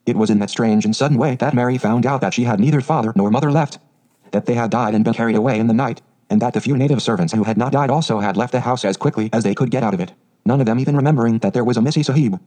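A man reads a classic storybook aloud in a steady, even way. His voice is mellow and dark-toned, sitting at an ordinary middle pitch. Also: racing, rough recording. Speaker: audiobook narrator. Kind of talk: scripted storybook narration.

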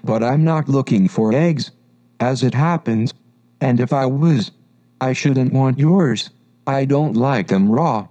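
A man's voice: mid-range voice, slow, warm tone, natural voice. A man voicing a polite, puzzled little girl in a storybook reading, earnest and a bit indignant.

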